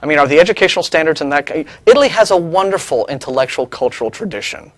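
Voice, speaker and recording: A man co-hosting a studio talk show, animated and mocking as he reads out and takes apart an email. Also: on the high side, fast, no echo. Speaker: co-host.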